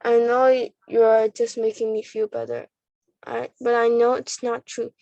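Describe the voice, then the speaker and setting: A woman's voice: fairly high pitch, flat delivery, moderate pace, dry recording, dull audio, lightly acted. A woman voicing a big jolly, kind male shopkeeper in a storybook reading, fatherly and a bit muddled. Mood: kindly. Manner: warm, fatherly, a little muddled.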